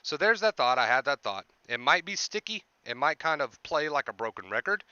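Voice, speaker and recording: A man coaching on anxiety in an earnest explanatory monologue, piling up rhetorical questions and tagging "right?", and clearing his throat now and then. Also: fairly high pitch, sing-song, a little fast, pushed and bright, dry recording, highs cut off. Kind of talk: explanatory self-help monologue.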